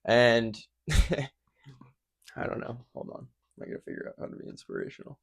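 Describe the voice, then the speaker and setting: A man talks to his viewers in a loose, offhand way, often stopping to correct himself or start over. His voice sits at an ordinary middle pitch and is picked up close to the mic. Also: huge pitch swings, moderate pace, vocal fry, a little mellow, slightly rough. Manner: rambling, self-interrupting, offhand. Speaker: vlogger. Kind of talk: casual chat to camera. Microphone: close microphone.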